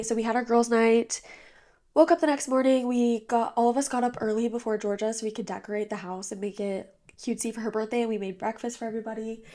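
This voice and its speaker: A woman's voice: fairly high pitch, dark tone. A young woman in her twenties hosting her own podcast, chatting casually and bubbly about her weekend, sounding tired and a little nasal. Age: 20s. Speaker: podcast host. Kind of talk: casual chat. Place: bedroom with blinds drawn.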